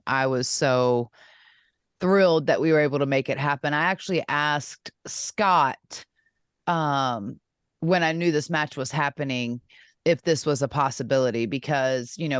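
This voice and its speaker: Middle-aged woman co-host, earnest rambling talker, smooth resonant voice, dry close sound. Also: rumbling low, measured pace, no room sound. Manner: earnest, rambling with many fillers. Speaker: co-host and wrestling champion. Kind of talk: casual podcast chat.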